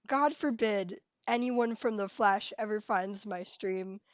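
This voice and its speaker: A woman's voice: mid-range voice, slow, no room sound, lo-fi sound. A young woman hosting a casual live stream, chatting with her viewers, reading their messages aloud and giggling often.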